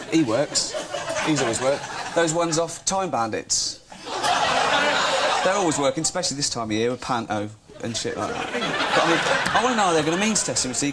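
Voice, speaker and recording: A man's voice: mid-range voice, heavy background noise. An English man in his thirties giving a blunt, mock-ignorant comic news monologue. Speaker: comedy news presenter.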